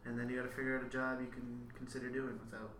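A man's voice: mid-range voice, flat delivery, rapid-fire, a bit bright, a little hiss or hum. A man in casual podcast chat, swearing often and laughing a lot. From Canada. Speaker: podcast co-host. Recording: echoey room with crowd behind.

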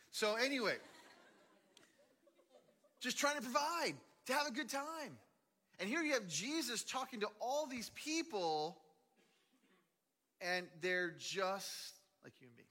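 A man preaching a sermon as a pastor, telling stories animatedly, swinging between loud and hushed delivery. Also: high-pitched. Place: large church auditorium. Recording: long hall reverb.

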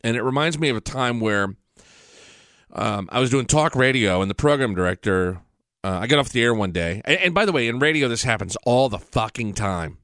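A man's voice: medium pitch, lively intonation, a little fast, fairly bright tone, dry recording. A middle-aged man hosting his own podcast from a studio, talking in a blunt, profane, fired-up rant. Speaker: podcast host. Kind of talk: casual ranting monologue. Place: professional studio.

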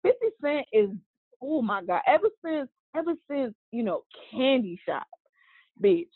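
A woman co-hosting a podcast in casual, animated chat, gushing and swearing freely. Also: high voice, unhurried, slightly rough, no room sound. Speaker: podcast co-host. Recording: tinny phone-like line.

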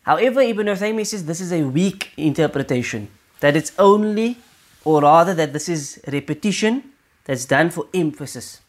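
A man whose animated voice is on the high side teaches Quranic interpretation through an explanatory lesson. He keeps checking in with the listener and slips in short, quickly recited Arabic verses between explanations.

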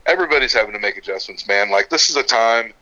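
A middle-aged man, a gym owner and coach, chatting casually on a podcast, relaxed and swearing freely as he tells stories. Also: medium pitch. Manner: laid-back, swears freely, drawn-out storytelling. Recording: muffled lo-fi audio.

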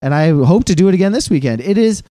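A man in his thirties co-hosting a casual podcast, rambling and swearing as he gets animated. His voice sits a bit high but sounds mellow and warm. The recording is dry and close. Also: fast talker, no echo. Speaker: podcast co-host. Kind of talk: casual chat.

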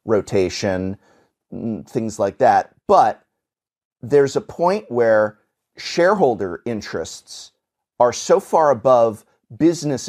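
A man hosting a podcast, giving emphatic, animated opinions in casual chat. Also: mid-range voice. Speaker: podcast host.

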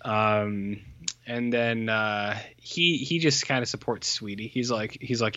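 A man's voice: lowish voice, steady tone, slow pace, bright, forceful tone, no room sound. Man, podcast co-host, rambling profane recap, dry close lo-fi sound. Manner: rambling, filler-heavy, blunt and profane. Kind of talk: casual film recap chat.

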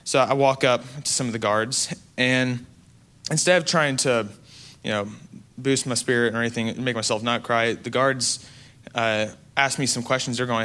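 A young man from the United States giving an earnest, halting personal testimony about a mission trip, with many restarts. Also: mid-range voice, steady tone, sharp tone, clear, resonant tone.

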